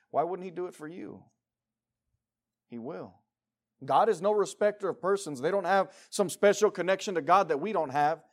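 High-voiced preacher man, rising and falling. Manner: preaching with big swings between loud emphasis and quiet intensity, rhetorical questions. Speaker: pastor. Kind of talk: sermon. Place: church meeting room.

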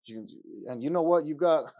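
A man preaching a sermon, repeating himself and rising from quiet passages to loud ones. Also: a little high, normal speed.

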